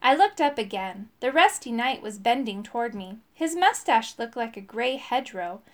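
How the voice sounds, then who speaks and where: A woman's voice: a little high, lively intonation, moderate pace. A woman reading a children's story aloud, giving each character a voice.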